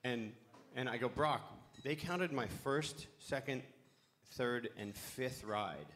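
A man's voice: medium pitch, slow, a bit bright. A middle-aged man on a live panel telling a long, rambling story, swearing freely and losing his thread.

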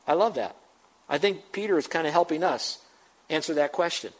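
Guy pastor preaching a sermon, kinda high voice, emphatic, lots of questions at the crowd. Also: expressive, a little fast, low-quality recording.

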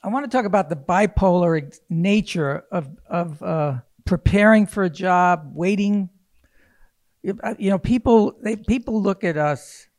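High-voiced man groping for words. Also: unhurried, darkish tone. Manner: searching for words, restarting phrases. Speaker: interviewer, fellow actor. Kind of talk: conversational interview.

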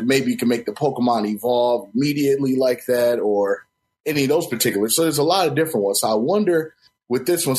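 A man's voice: medium pitch, a little mellow, low-quality recording. A man in casual podcast chat, explaining a video game at length with lots of fillers. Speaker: podcast co-host.

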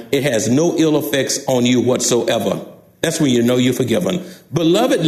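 A man's voice: fairly high pitch, a little mellow. A man in his sixties with a Texan accent, preaching an emphatic sermon from the pulpit and repeating key phrases straight to the congregation. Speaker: pastor. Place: church sanctuary. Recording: echoey church sanctuary.

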